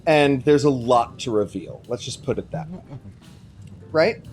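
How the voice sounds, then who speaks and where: Animated man running a tabletop game. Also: medium pitch, unhurried, slight background noise. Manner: animated, casual, swears freely. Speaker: game master.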